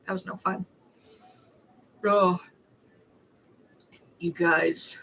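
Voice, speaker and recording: Young woman streamer, chatty and snarky, bright tone, slightly high voice. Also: unhurried, rough recording. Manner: chatty, rambling, snarky storyteller. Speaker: livestreamer. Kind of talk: casual livestream chat.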